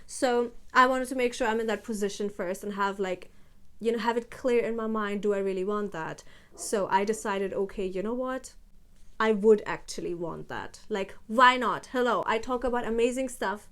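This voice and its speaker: A young woman talking casually to her phone camera for a vlog, slow and steady with lots of "like" and "you know". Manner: slow, steady, deliberate talk with a heavier low voice; chatty, with many fillers like "like" and "you know". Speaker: YouTuber.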